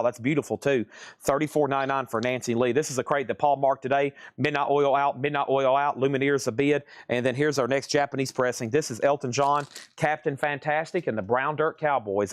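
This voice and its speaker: A man hosting a live-streamed record sale, rattling off titles, prices and conditions in quick auction patter. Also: mid-range voice, no echo. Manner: rapid-fire listing of prices and conditions.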